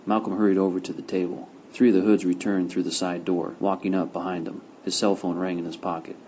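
A man narrating a first-person crime novel with steady, gritty storytelling. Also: deep voice, fairly quick, slight background noise, rough recording. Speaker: audiobook narrator.

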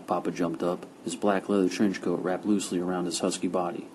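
A man narrating a first-person crime novel with steady, gritty storytelling. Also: low-pitched, brisk, few pauses, a little hiss or hum, poor audio. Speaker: audiobook narrator.

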